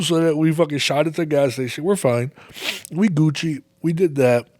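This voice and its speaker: A man's voice: fairly high pitch, normal speed, a little mellow, dry recording. Man swearing through a rambling story. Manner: rambling, heavy swearing, laughs at his own stories. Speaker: podcast host. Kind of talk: casual storytelling monologue.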